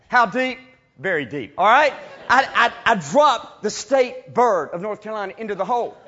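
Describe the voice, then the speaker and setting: A man preaching a sermon as a comic story, animated, swinging from loud bursts to hushed asides. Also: sits high, muffled recording.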